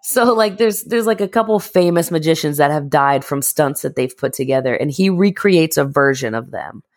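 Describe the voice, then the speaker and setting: A woman co-hosting a podcast, swearing freely as she tells animated stories in casual chat. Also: deep voice, moderate pace, no room sound, clean studio sound. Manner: profane, animated storytelling. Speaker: podcast co-host.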